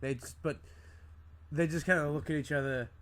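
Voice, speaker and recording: A man running a tabletop game as game master, describing scenes in a hesitant, halting way. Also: fairly high pitch, steady tone, fairly bright tone. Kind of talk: narrating a tabletop game session.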